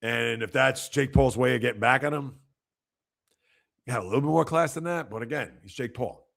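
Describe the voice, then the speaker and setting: A man's voice: medium pitch, fairly quick, creaky, fairly bright tone. A man hosting a casual sports commentary livestream, rambling with rhetorical, exasperated asides.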